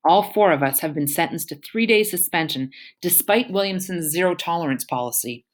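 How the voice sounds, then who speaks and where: A woman reads a first-person novel aloud in an expressive, emotional way, voicing the characters' feelings. Her voice sits very low for a woman. It sounds like an audiobook narration. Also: a little fast. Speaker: audiobook reader.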